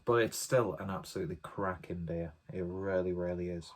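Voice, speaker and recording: A man's voice: deep voice, fairly even intonation, fairly quick. A man giving a casual solo beer review, chatty and enthusiastic, often rambling off on tangents.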